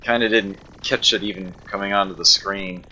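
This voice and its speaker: A man streaming old arcade games, chatting casually with viewers, laughing often and filling pauses with uhs. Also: low-pitched, steady tone, pushed and bright, poor audio. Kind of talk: casual gameplay commentary. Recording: backup mic, music behind.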